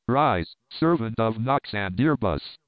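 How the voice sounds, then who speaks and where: A man's voice: fairly low pitch, expressive, measured pace, dry recording. Arbaces, haughty sorcerer, read by a man. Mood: commanding. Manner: commanding, lofty archaic speech. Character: haughty commanding male sorcerer, stately. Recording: phone-like lo-fi audio.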